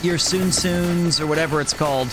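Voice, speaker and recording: A man's voice: fairly high pitch, fairly even intonation, normal speed, noisy background. A man from Kansas City chatting and joking in a rambling way while commenting on his gameplay as a streamer. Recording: game music under the voice.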